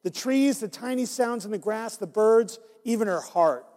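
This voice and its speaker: As minister to a group of children, a man reads them an interactive Bible story in a high-pitched voice at a moderate pace. His tone is animated and he coaxes them to participate. Expect long hall reverb.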